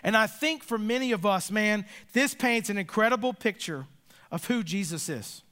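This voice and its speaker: A man preaching a sermon as pastor, earnest and emphatic, with dramatic pauses. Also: high-pitched, animated, bright, forceful tone.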